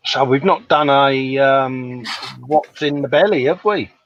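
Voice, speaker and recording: A man's voice: medium pitch, measured pace, muffled recording, slight background noise. A man co-hosting a casual live chat, joking and laughing as he goes. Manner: jokey, laughs often. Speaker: co-host.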